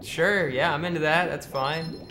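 A man's voice: fairly high pitch, fairly even intonation, a little slow, noisy background. A young man streaming a game live, chatting with viewers, joking and swearing when the game goes wrong. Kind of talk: live gameplay streaming chat.

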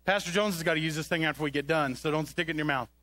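A man's voice: on the high side, steady tone, rapid-fire, bright, forceful tone, slight background noise. A man presenting a comedic kids' skit on a church stage, talking into a handheld microphone to a puppet dog in an exasperated, coaxing way. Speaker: children's ministry presenter.

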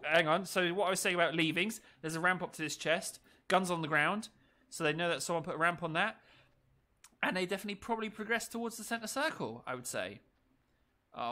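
A man's voice: on the high side, bright, forceful tone. A man giving casual, joking, self-mocking commentary over a video game match.

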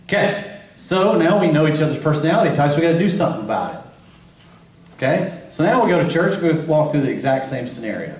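A man's voice: on the high side, expressive, fast talker, a little mellow, reverberant, far from the mic, poor audio. A man speaking at a marriage conference in a church setting, telling candid, self-deprecating stories about his own marriage. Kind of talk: church talk. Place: church hall.

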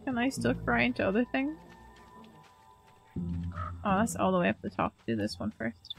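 A woman streaming a game, chatting gently and playfully to the characters on screen. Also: fairly high pitch, big pitch swings, moderate pace, gravelly, long pauses. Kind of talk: casual gameplay commentary. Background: faint game music.

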